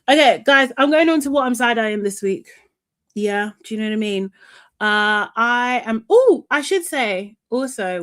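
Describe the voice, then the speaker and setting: A woman's voice: medium pitch, fairly bright tone. A young woman hosting a live show, chatting casually, reading out chat comments, laughing often and swearing freely.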